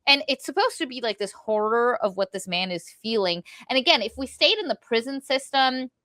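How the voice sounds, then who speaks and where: A woman's voice: on the high side, animated, a little fast, bright, forceful tone, no echo, studio quality. Chatty woman retelling a book plot. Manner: rambling retelling with mock character voices. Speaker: podcast co-host. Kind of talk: casual book-review chat.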